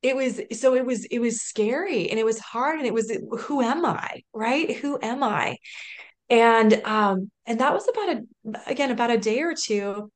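Interview guest, woman, 30s, slightly high voice, earnest and emotional personal storyteller. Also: lively intonation, moderate pace. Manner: earnest, emotional, with restarts and laughter. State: close to tears at moments. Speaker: podcast guest.

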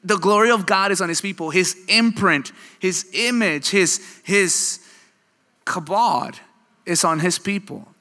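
In the long reverb of a big church hall, a male pastor delivers his sermon in a relaxed, conversational style. He draws the congregation into rapid exchanges, and his voice rings bright and forceful, pitched a little high.

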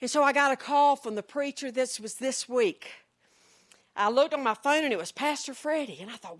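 A Southern U.S. woman preaches a sermon, moving from hushed storytelling to shouted exclamations. Her voice sits high, and she speaks at a normal speed.

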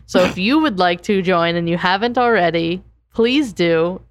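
A woman's voice: on the low side, normal speed, dry recording. Wry, teasing woman podcaster. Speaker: podcast co-host. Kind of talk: casual chat.

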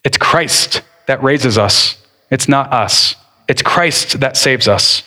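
A man pastor preaching a sermon earnestly, leaning hard on key words and then rushing through others. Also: medium pitch, bright, forceful tone. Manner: earnest preaching, shifting between slow deliberate stress and quick bursts.

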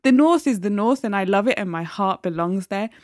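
Woman, Geordie accent, swings her pitch all over, dry close sound, ranting podcast chat, swears and laughs. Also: a little fast, no echo. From North East England. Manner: animated, ranting, swears freely, laughs often. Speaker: podcast co-host. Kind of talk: casual chat.

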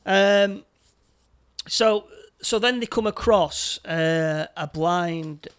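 A man with a fairly high voice talks through a film scene by scene in casual chat. He stumbles often, repeating words and padding with fillers as he goes. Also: very slow, fairly bright tone, smooth. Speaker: podcast co-host.

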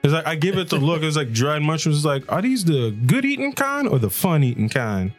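A man's voice: fairly high pitch, sing-song, brisk, faint music behind. A man playing a tabletop game, joking around and laughing often. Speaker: player.

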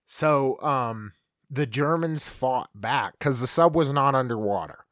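A man's voice: mid-range voice, lively intonation, measured pace, fairly bright tone, no room sound, studio quality. A man co-hosting a podcast, casually retelling creepy history stories with fillers and stumbles. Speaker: podcast co-host. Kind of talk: casual storytelling chat.

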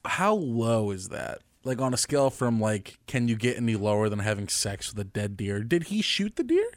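Casting note: man, podcast sidekick, animated swings in pitch, wisecracking, dry sound. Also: no echo. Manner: wisecracking, quick reactions. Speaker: podcast co-host. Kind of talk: casual chat.

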